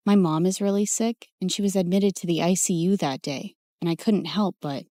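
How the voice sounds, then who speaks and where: A woman voicing a mysterious, cocky teenage boy in a low, hushed voice for a story. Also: normal speed, no room sound, clean studio sound, natural voice.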